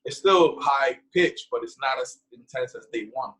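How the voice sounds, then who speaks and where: A man from the Bronx with a New York accent, telling stories in a casual interview and acting out the people in them with loud, high voices. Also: normal speed, rough recording. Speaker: guest. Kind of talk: casual storytelling in a podcast interview.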